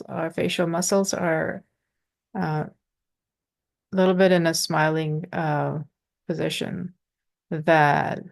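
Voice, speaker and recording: In an informal lesson, a woman teaches pronunciation, explaining patiently with halting pauses and sounding out letters. Her voice is lowish, with vocal fry.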